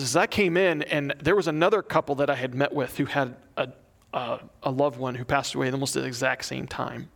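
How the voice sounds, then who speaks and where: A man's voice: medium pitch, vocal fry, a bit bright. A young adult man preaching a sermon, reading a prayer aloud and telling a story in an earnest, conversational way. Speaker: pastor.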